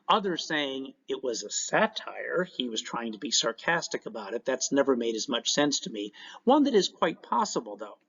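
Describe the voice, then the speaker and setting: A man teaching a recorded class lecture in an animated way, with joking asides. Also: mid-range voice, breathy edge. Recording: dull lo-fi recording.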